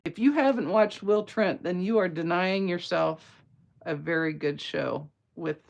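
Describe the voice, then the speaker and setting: Speaking at a measured pace, this woman has a lowish, creaky voice. She's a US craft demonstrator from around Atlanta who keeps up chatty, playful back-and-forth with viewers in the middle of a live card-making demo.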